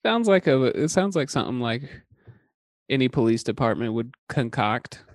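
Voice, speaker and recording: A man's voice: medium pitch, expressive, moderate pace, dry recording, clean studio sound. Laughing man chatting about a movie. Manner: laughs often, chimes in, quotes lines with relish. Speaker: podcast co-host. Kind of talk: casual chat recapping a movie.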